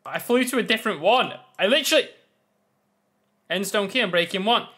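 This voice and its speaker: A young man commentating his own video game play, excitable, swearing and shouting when surprised. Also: sits high, a little fast, breathy edge. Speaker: gaming channel host.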